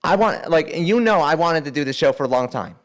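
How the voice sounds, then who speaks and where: High-voiced man, blunt and swearing. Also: lively intonation, fast talker. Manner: heavy swearing, blunt and apologetic. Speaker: co-host. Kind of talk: casual talk-show chat.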